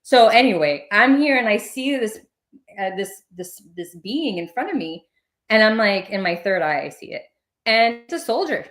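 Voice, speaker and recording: Expressive and moderately paced, this woman's medium-pitched voice has a fairly bright tone. A spiritual medium guesting on a podcast, she rambles through personal stories in a casual interview, using plenty of filler words.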